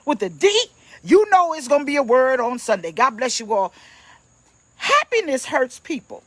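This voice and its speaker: A woman's voice: a little high, very animated, moderate pace, slightly rough, dry recording. A woman pastor, preaching casually on a livestream from home, playful and chatty as she greets viewers by name.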